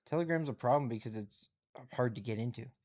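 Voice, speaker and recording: A man's voice: medium pitch, fast talker, a little mellow. A man hosting a casual live stream with a mid-range voice. He rambles through headlines, reading them aloud and musing on each one in an easygoing, conversational way.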